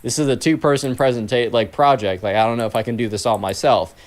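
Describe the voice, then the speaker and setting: A man's voice: medium pitch, fairly even intonation, fast, voice pushed down, lightly acted. A man voicing an anxious, eager teenage boy who talks in an earnest, flustered way. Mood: pleading.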